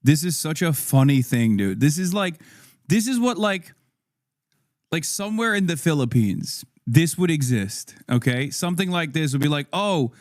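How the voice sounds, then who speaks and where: A man's voice: fairly high pitch, expressive, moderate pace, no echo, clean studio sound. A man streaming, riffing casually with profanity and frequent laughs as he reacts to a video.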